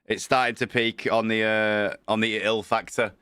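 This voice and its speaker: A man with a bright, forceful voice and a cold that is getting worse. He chats casually from home, greeting viewers by name and swearing now and then. His voice sounds dry and close, with little room sound. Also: on the low side, level tone, normal speed, clear, resonant tone, no echo. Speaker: streamer. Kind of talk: casual livestream chat.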